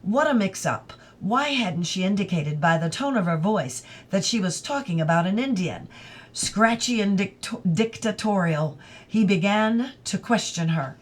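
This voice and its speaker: Slow, careful woman reading a novel. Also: mid-range voice, animated. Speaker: audiobook reader. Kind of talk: literary read-aloud narration.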